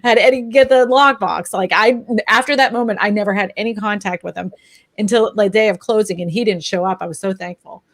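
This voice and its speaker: A woman in her thirties, a real estate agent, co-hosts a casual chat with a medium-pitched voice at a fairly quick pace, with no echo. She's an animated storyteller who acts out what people said.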